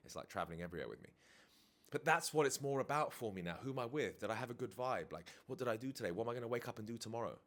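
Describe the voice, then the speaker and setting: Speaking rapid-fire in a mid-range voice with lively intonation, a male dating and life coach talks candidly to camera indoors, DJ equipment behind him. His tone is frank and reflective, like a confession, with the occasional casual swear word.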